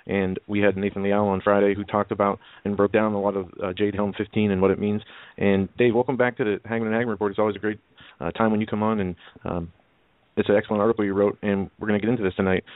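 Flat, fast-talking radio host. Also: male voice, fairly low pitch, no echo, phone-quality sound. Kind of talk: talk radio hosting.

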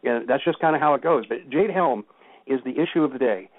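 A man's voice: medium pitch, a little fast, no echo. A man speaking as a guest on a call-in talk show, telling stories with emphasis. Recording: tinny phone line.

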